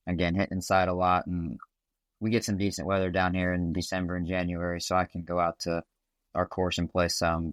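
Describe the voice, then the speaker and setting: A man's voice: low-pitched, clean tone, no room sound. A teenage male golfer answering interview questions steadily and evenly. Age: teens. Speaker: high school golfer guest.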